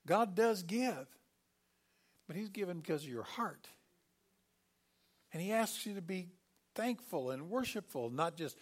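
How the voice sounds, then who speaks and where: A man in middle age preaches with animated energy, his voice sitting a little high for a man. He jumps into quoted voices and throws in sudden loud bursts before dropping back to a calm, even preaching tone. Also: unhurried, long pauses. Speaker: pastor. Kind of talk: sermon.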